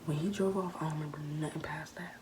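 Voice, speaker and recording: A young woman in her late teens casually telling a story to her viewers, often in a hushed, half-whispered voice. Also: low-pitched, fairly even intonation, fast talker. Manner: casual, chatty, talks straight to viewers. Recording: noisy background ambience.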